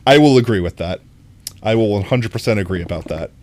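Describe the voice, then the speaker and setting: A young man talks casually on a livestream, his pitch bouncing up and down as he rambles. He leans on fillers, restarts and quick laughs as he answers his chat. The delivery is loose and conversational. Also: lively intonation, a little mellow. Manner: reacting to chat messages. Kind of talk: casual live-stream chat.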